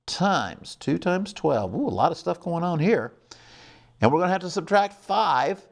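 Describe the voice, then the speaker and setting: Middle-aged male TV math teacher, upbeat and coaxing, slightly high, gravelly voice. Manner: upbeat, coaxing, checks in with viewers often. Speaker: math teacher hosting a call-in show. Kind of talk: televised math lesson.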